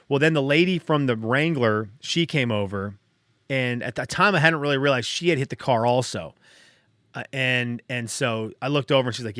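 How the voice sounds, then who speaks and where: A man in middle age talks through his story on his podcast, still shaken and a bit dazed. His voice sits at an ordinary middle pitch, recorded dry and close with no room around it. He rambles and restarts, leaning on filler words as he goes. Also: fairly quick, pushed and bright, no echo. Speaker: podcast host. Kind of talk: casual personal storytelling.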